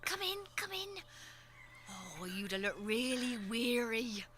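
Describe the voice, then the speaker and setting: A woman's voice: a little high, sing-song, takes it slowly, fairly bright tone, heavily acted, poor audio. A woman's synthetic voice playing a motherly, homely female innkeeper who dotes on her guests in a cosy, chatty way. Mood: doting. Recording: clear background noise.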